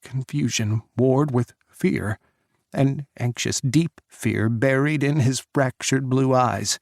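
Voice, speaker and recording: A man narrating an audiobook in measured, dramatic storytelling. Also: medium pitch, vocal fry, a little mellow, no echo, clean studio sound. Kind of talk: scripted narration.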